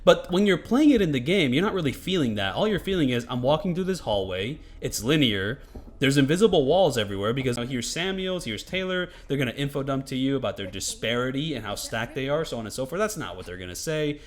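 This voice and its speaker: A man's voice: medium pitch, animated, quick pace, few pauses. A man giving casual, rambling gameplay commentary, swearing freely and filling his talk with "like" and "you know". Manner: rambling, profane, lots of fillers. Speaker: gaming commentator.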